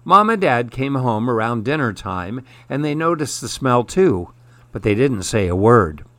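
Storybook narrator, man, steady reading, mid pitch, dry close sound. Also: measured pace, dry recording.

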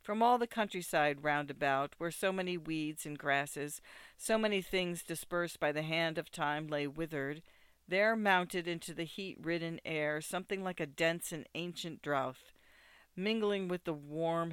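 A narrator reading classic fiction aloud in a measured, steady storytelling manner. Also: medium pitch, smooth, no echo.

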